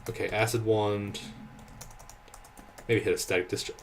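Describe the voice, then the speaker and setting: A man's voice: lowish voice, little pitch movement, moderate pace, gravelly, pauses often, a little hiss or hum. Sweary man ranting over gameplay. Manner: exasperated, sweary ranting with frequent laughs and restarts. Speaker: gameplay commentator. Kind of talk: casual gameplay commentary. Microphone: desk microphone.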